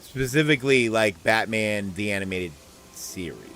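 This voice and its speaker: A man's voice: lowish voice, expressive, moderate pace, fairly bright tone, soft background music. A man streaming a video game, chatting casually and talking to himself in an amused way while he has the hiccups. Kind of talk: casual gameplay commentary.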